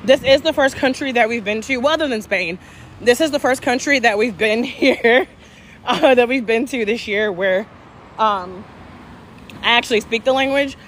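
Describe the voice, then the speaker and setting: A woman's voice: fairly high pitch, moderate pace, fairly bright tone. Woman, casual live chat on a phone, faint traffic noise outdoors. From Southern United States. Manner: chatty, joking, answers viewer comments. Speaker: travel vlogger. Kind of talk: casual livestream chat while walking. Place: city street outdoors with traffic. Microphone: phone held at arm's length.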